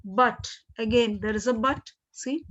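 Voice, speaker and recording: Woman teacher, fairly high voice, slow and patient, dull lo-fi recording. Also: a bit bright. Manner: slow explaining, frequent "okay" and throat clearing. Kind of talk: classroom literature lesson.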